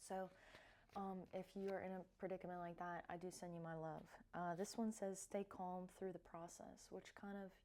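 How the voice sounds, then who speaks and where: Soft low-voiced woman musing on life. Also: little pitch movement, moderate pace, a little hiss or hum. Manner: soft-spoken, hesitant with many fillers. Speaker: wellness vlogger. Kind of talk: casual reflective talk, pulling cards.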